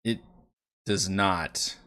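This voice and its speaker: A man's voice: low-pitched, steady tone, very slow, sharp tone. A man narrating as dungeon master in a tabletop game, describing scenes with frequent hesitations. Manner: hesitant, filler-laden description.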